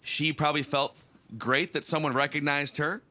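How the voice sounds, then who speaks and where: A man's voice: fairly high pitch, level tone, moderate pace, sharp tone. A man in his thirties, a guest telling a rambling story on a talk show with many restarts. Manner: rambling, with frequent restarts and fillers.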